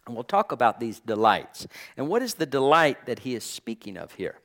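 A man's voice: medium pitch, sing-song, moderate pace, a bit bright. A man preaching a Bible study sermon, earnest and emphatic, drawing out key words as he teaches.

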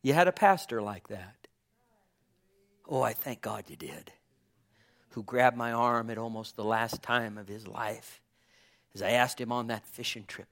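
A male pastor delivers a passionate sermon, shifting between loud calls and hushed whispers and repeating phrases amid cries of amen. His voice is mid-range and a little slow, with frequent pauses.

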